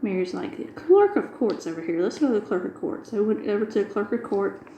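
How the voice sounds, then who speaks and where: A woman's voice: mid-range voice, expressive, fast, warm tone, echoey room, highs cut off, slight background noise. A middle-aged woman, chatting casually and retelling a long everyday story with quoted dialogue. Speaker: craft video host. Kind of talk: casual chat while diamond painting.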